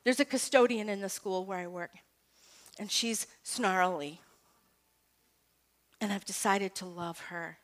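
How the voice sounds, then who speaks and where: A woman giving a devotional Bible teaching talk in a conversational, animated way, moving from soft scripture reading to loud emphatic asides. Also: mid-range voice, measured pace, long pauses. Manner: conversational, self-correcting.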